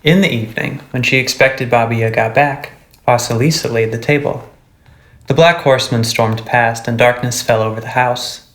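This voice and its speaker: Guy reading a storybook aloud, gravelly voice, echoey room. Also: medium pitch. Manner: steady, measured storytelling. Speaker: narrator.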